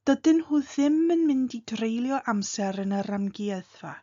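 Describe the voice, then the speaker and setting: A woman teaching a language lesson, patiently explaining and modeling phrases slowly and clearly. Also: a little high, lively intonation, warm tone, highs cut off. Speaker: Welsh teacher.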